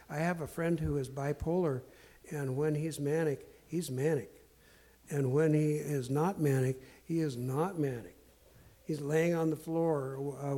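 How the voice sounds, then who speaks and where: Earnest, halting man, mellow tone. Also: fairly high pitch. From Portland area. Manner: self-deprecating, earnest, halting with many fillers. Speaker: speaker sharing life lessons. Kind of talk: candid storytelling talk.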